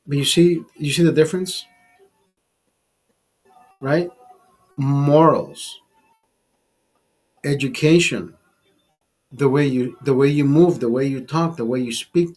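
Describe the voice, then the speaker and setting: A man's voice: mid-range voice, a little slow, pauses often, darkish tone, breathy edge, soft background music. A man of fifty ranting in a casual monologue, blunt and profane, often restarting and repeating his words. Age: 50s. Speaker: vlogger.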